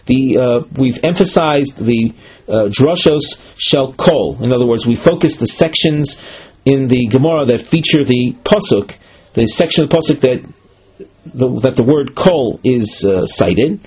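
A man giving a measured, explanatory Talmud lesson, walking through a marked text with frequent fillers and restarts. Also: medium pitch, lively intonation, slightly rough. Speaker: Talmud teacher. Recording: dull lo-fi recording.

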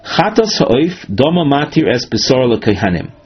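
A man giving a measured, explanatory Talmud lesson, walking through a marked text with frequent fillers and restarts. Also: mid-range voice, big pitch swings, breathy edge. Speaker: Talmud teacher. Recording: dull lo-fi recording.

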